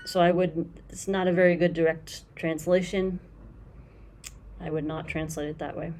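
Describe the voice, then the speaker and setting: A woman teaching Swahili in a casual lesson commentary, explaining patiently and repeating phrases slowly with fillers, frank about bad translations. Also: deep voice, flat delivery, darkish tone, a little hiss or hum.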